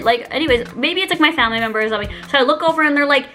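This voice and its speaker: A woman's voice: high voice, racing, hardly any pauses, a bit bright, faint music behind. A young woman YouTuber telling candid stories in a chatty, giggly vlog, filling her talk with "like". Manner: giggly, heavy use of "like", chatty. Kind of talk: confessional storytime vlog.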